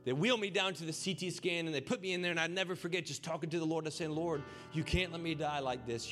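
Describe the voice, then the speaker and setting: Bright-voiced young male pastor preaching. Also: a little high, fast talker, in a large hall, soft background music. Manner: animated storytelling, rising to a preaching cry. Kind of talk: sermon testimony.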